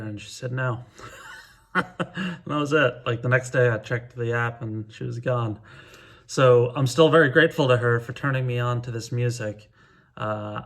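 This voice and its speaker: A middle-aged man with a medium-pitched voice, chatting to camera about music he loves. He is relaxed and enthusiastic, and often pauses to hesitate as he speaks. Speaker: music vlogger. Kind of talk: casual talk to camera counting down favorite records.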